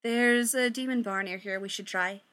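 A woman reading a story aloud voices a determined young woman slayer who speaks in a brisk, reassuring way. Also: medium pitch, a bit bright, close to an everyday voice.

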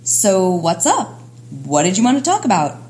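A woman's voice: sits high, wildly swooping pitch, normal speed, darkish tone. A woman playing a bubbly teasing young sorceress. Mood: excited. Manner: chirpy, swooping, playful. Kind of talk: fan audio drama reading.

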